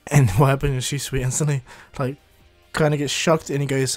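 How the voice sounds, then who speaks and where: A man's voice: mid-range voice, flat delivery, dry recording, soft background music. Rambling man telling fan fiction. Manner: rambling, halting with fillers. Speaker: fan storyteller. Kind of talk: improvised fan-fiction narration.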